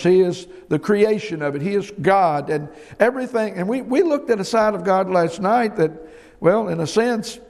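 A man's voice: sits high, vocal fry, darkish tone. A middle-aged man preaching a sermon, emphatic and folksy, often repeating his words. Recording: long hall reverb.

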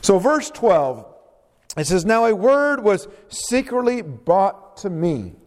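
A man preaching a sermon and reading scripture aloud, slow and deliberate, with dramatic pauses. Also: fairly high pitch, darkish tone. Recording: long reverb of a large hall.

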